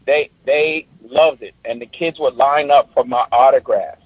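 A man's voice: medium pitch, fairly even intonation, a little slow, no room sound, muffled recording. A middle-aged man, a comedian guest on a podcast, telling a story with energy and acting out other people's voices.

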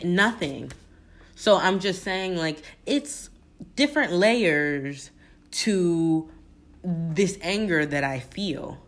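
Young female podcast host, low voice, unhurried, blunt and impassioned, swears freely. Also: fairly bright tone. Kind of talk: solo podcast monologue.

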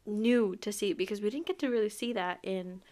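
A young woman hosting a casual book-recap podcast, excitable and gushing, with quick asides that sometimes drop to a whisper. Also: medium pitch. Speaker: podcast host.

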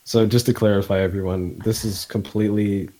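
A man with a Midwestern accent hosting a casual podcast chat, talking with many fillers and pauses. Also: lowish voice, steady tone, dark tone. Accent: Midwestern American. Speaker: podcast host.

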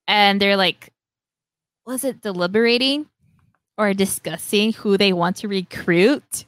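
A woman's voice: medium pitch, unhurried, a bit bright, no room sound. A woman in casual chat as a podcast co-host, animatedly retelling a story and acting out the lines people say.

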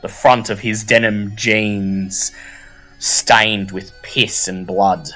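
Slow-narrating male game master. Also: lowish voice, steady tone, sharp tone, faint music behind.

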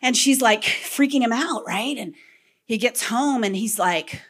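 Animated woman preaching with whispers and shouts. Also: on the high side, unhurried. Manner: animated storytelling, drops to whispers and bursts into shouts. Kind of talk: sermon.

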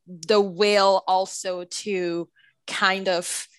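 A woman's voice: mid-range voice, level tone, extremely slow, clean tone, no room sound. Thoughtful woman guest, from Cameroon. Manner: thoughtful, hesitant, searching for words. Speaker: podcast guest. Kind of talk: casual podcast interview.

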